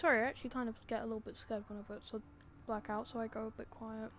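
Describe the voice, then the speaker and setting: Young British woman, high voice, exasperated gaming streamer, light background hiss. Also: flat delivery, rapid-fire, fairly bright tone. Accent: British English. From Britain. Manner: chatty, exasperated, pleading with game characters. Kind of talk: gaming commentary.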